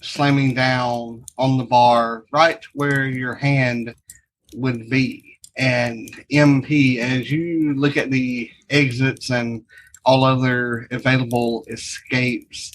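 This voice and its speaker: A man running a tabletop game as dungeon master, his voice sitting at an ordinary mid pitch. He lays out each scene unhurriedly, in careful descriptive detail. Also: flat delivery, slight background noise, low-quality recording. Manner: slow, descriptive scene-setting.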